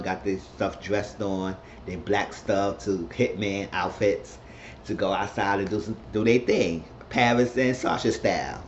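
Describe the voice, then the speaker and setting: Low-voiced man rambling through a recap. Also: a little mellow. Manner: rambling, loose retelling with filler phrases. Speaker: TV recap reviewer. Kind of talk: casual episode recap. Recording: dull lo-fi sound with faint noise.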